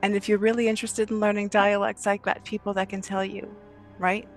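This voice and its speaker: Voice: mid-range voice, flat delivery, a little fast, soft background music. A player at a tabletop game who talks casually, swears freely and pushes plans with playful confidence.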